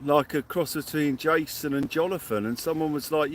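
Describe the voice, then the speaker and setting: A man hosting a casual live stream from a beach at night, giving cheery shout-outs and telling jokey stories. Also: a little high, fairly even intonation, brisk, hardly any pauses, slight background noise. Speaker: livestream host.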